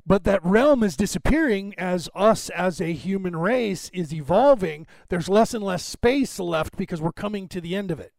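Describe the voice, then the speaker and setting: A man's voice: sits high, animated, moderate pace, gravelly, hardly any pauses, darkish tone, no room sound. An American man hosting a podcast who rambles in casual commentary, with lots of fillers and restarts. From United States. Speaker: podcast host.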